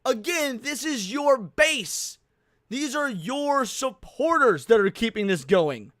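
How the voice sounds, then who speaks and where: A man's voice: very high-pitched, animated, slow pace, fairly bright tone, dry recording, clean studio sound. A man hosting a live reaction stream, ranting heatedly with lots of swearing. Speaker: livestream host.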